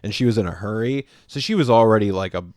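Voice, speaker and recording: A man's voice: on the low side, quick pace, no echo, studio quality. A man co-hosting a podcast, telling a story in casual chat and acting out the quoted lines with lots of laughs. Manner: animated, acts out quoted lines, laughs often. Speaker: podcast co-host.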